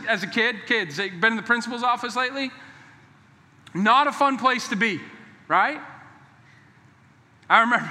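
High, bright-voiced preacher in a reverberant hall. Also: male voice. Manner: emphatic and repetitive, with joking asides. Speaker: pastor. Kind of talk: sermon. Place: church sanctuary. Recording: long reverb of a large hall.

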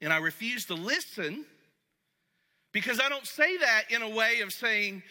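A man preaching a sermon as pastor, talking to the congregation conversationally and going soft and low when he reads scripture. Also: expressive, unhurried. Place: church sanctuary. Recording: long reverb of a large hall.

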